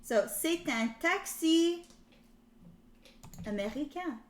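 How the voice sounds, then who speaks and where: A woman's voice: extremely high pitch, lively intonation, takes it slowly. A woman live-streaming her language study, reading prompts aloud, translating them and correcting herself as she goes in casual chat. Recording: echoey room with background noise. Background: keyboard typing and clicks.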